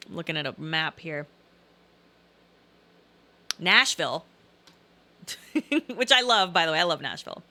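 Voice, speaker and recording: A woman's voice: sits low, expressive, a little slow, pauses often, sharp tone. A young woman from Southern Illinois with a light accent of her region, chatting casually and rambling as she reads chat and laughs often. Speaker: streamer reading chat. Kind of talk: casual live-stream chat.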